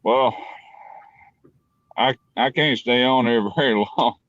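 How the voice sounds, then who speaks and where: A man's voice: mid-range voice, slow pace, fairly bright tone, no room sound. Guy rambling on a call, folksy, kinda muffled and dry. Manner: folksy, rambling, restarts often. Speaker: guest on a live stream. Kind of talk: casual chat. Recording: dull lo-fi call audio.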